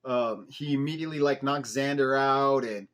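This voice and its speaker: A young man casually recapping a TV episode as a podcast host, animated, laughing and swearing at the plot. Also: medium pitch, normal speed.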